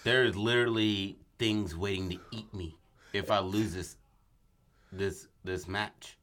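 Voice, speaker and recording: A man's voice: fairly low pitch, fairly even intonation, takes it slowly, a bit bright. A man in casual chat who chimes in with short, jokey remarks.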